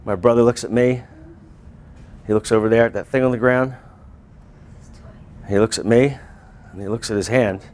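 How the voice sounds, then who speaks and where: A male teacher telling a lively personal story to his students, breaking into shouts and laughter. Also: medium pitch, normal speed, long pauses. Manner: animated, bursts into shouts and laughs while telling. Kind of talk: storytelling to a class.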